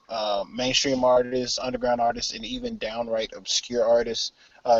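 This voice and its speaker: A man's voice: medium pitch, no room sound, muffled recording. A man hosting a casual hip hop podcast, laid-back and slangy, talking over an online call from outdoors behind a store. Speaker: podcast host.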